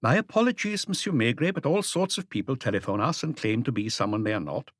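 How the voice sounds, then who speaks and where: A man's voice: medium pitch, expressive, quick pace, no room sound, studio quality, natural voice. A man voicing a young male diplomat with a strong Dutch accent, formal, starchy and guarded.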